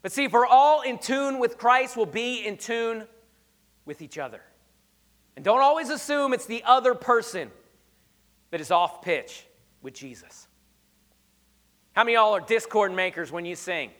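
A pastor preaching a sermon, emphatic and conversational with rhetorical questions, slightly hoarse. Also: male voice, very high-pitched, lively intonation, moderate pace, long pauses, a bit bright.

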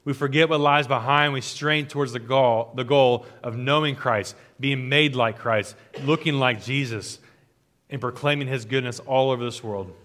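Pastor preaching in a reverberant hall. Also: male voice, mid-range voice, moderate pace. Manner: earnest, rhythmic repetition, trailing off softer at phrase ends. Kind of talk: sermon and closing prayer. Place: church sanctuary.

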